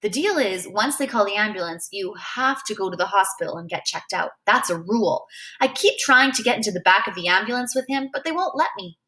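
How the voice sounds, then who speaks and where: A woman reading a novel aloud as a first-person storyteller, in an expressive way. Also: mid-range voice, brisk. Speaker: reader.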